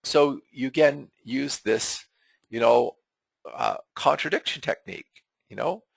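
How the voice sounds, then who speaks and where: A middle-aged man teaches an online webinar in an unscripted, conversational way, often restarting and repeating words. His voice is husky and gravelly, with a breathy edge. The sound is close and dry, with no room around it. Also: mid-range voice, a little slow, dry recording, rough recording. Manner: conversational and earnest, with frequent fillers and repeated words.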